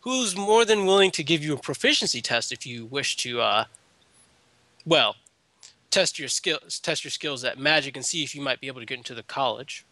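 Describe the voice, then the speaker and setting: A man voicing a courteous, formal male official who recruits mages, speaking in a measured, bureaucratic way. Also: medium pitch, expressive, sharp tone, no room sound.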